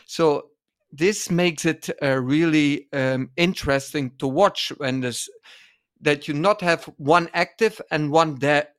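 A man co-hosting a dance podcast in casual conversation, often pausing to search for words mid-sentence. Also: fairly high pitch, a bit bright.

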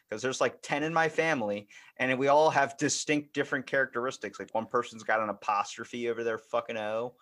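A man with a Baltimore accent hosting a podcast, chatting casually and telling lively stories, swearing freely. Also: mid-range voice, fairly quick, hardly any pauses. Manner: animated storytelling, swears freely. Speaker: podcast host. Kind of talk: casual chat.

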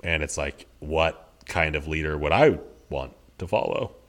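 This is a deep-voiced man in his thirties talking on a podcast. He speaks earnestly and thoughtfully, often circling back and restarting his sentences as he works through an idea. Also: unhurried, a bit bright. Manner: earnest, reflective, many restarts. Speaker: podcast co-host. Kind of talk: casual conversation.

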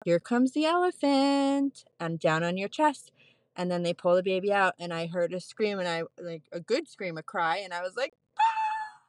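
A woman in her thirties, a postpartum nurse, telling a candid personal story as a podcast guest, animated and laughing often. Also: on the low side, fairly quick, no echo.

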